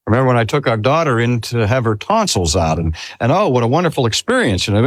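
Older man preaching with lively pitch. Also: dry recording. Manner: earnest, drawn-out emphasis on key phrases, rhetorical questions. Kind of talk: sermon. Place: talk at a cancer hospital.

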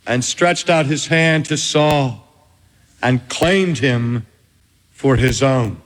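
Man, sermon, dramatic pauses, unhurried, long church reverb. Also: medium pitch. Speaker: preacher.

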